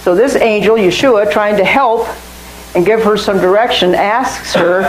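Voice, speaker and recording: A woman's voice: mid-range voice, measured pace, reverberant, slight background noise, low-quality recording. Woman teaching a casual Bible study. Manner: conversational, repeats and restarts phrases. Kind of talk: informal Bible teaching to a small group.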